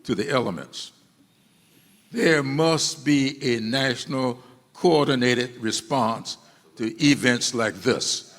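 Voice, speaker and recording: In a hall with lengthy reverb, a man delivers a forceful speech to a crowd, restating key phrases for effect. His voice is mid-range and a bit bright, and he takes his time.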